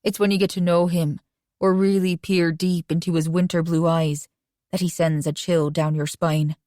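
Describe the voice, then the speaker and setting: A woman reading a romance audiobook in first person with an even, conversational delivery. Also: lowish voice, moderate pace, no room sound, clean studio sound. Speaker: audiobook narrator.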